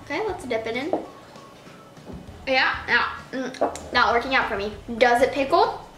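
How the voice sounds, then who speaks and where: A woman's voice: on the high side, measured pace, sharp tone, faint music behind. A woman rambling through a casual food-tasting vlog, talking to the camera and making fun of herself. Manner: rambling and self-mocking, talks to the camera. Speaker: vlogger. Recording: echoey room with faint noise.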